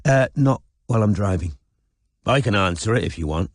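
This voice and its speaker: A man voicing a tense young woman who turns fierce, speaking clipped and shouting in an audiobook. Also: fairly low pitch, animated, moderate pace, dry recording, studio quality. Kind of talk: audiobook character voice.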